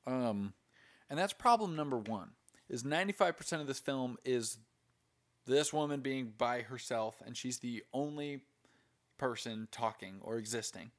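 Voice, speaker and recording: A man's voice: mid-range voice, normal speed, fairly bright tone. A man in casual conversation, talking bluntly and with a lot of swearing as he picks apart a film. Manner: profane, blunt and critical. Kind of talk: casual movie chat.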